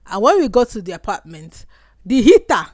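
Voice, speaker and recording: A young Nigerian woman with a Nigerian accent, chatting casually to camera and mixing Pidgin asides into her lively storytelling. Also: mid-range voice, normal speed, dry recording, studio quality. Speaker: vlogger.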